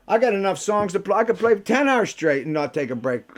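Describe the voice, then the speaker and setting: An older man, a rock musician bantering with the audience between songs and telling stories in a salty, rough-edged way. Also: high-pitched, big pitch swings, brisk, few pauses. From Pittsburgh. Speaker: rock musician performing a solo show.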